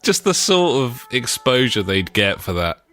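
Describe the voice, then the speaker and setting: A British man co-hosting a casual gaming podcast. His pitch swings in a lively, animated way as he jokes and chats. He laughs easily and keeps the banter rolling. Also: measured pace, faint music behind. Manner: chatty, laughs often, jokey segment intros. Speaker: podcast co-host.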